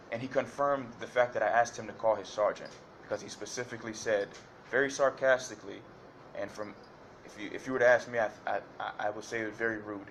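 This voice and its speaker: A man's voice: on the low side, steady tone, a little fast, fairly bright tone, a little hiss or hum. A man giving detailed courtroom testimony to a judge, hesitant and repetitive with many fillers and restarts. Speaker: defendant addressing a judge.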